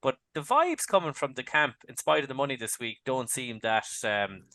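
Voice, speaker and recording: A man tipping horses in casual podcast chat. His voice is bright and forward, and his pitch sits mid-range. He talks fast and loose, stacking fillers and restarts as he works through the odds. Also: big pitch swings. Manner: quick, chatty, full of fillers and restarts. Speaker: horse racing tipster on a podcast panel.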